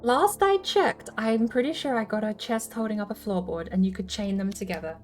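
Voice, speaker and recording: A woman's voice: mid-range voice, fast, darkish tone, faint music behind. A woman hosting a casual livestream, thinking aloud as she explains her game build ideas. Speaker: streamer host.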